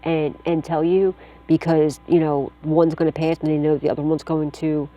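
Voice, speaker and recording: A woman's voice: low voice, flat delivery, moderate pace, warm tone, soft background music. A woman giving a casual psychic tarot reading, talking straight to the listener in a blunt, slangy way and swearing freely while reassuring them. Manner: reassuring, addresses the listener directly.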